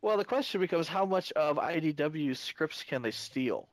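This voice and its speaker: A man co-hosting a casual fan discussion podcast, talking in halting bursts full of restarts and fillers. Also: fairly high pitch, expressive, no room sound. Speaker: podcast co-host.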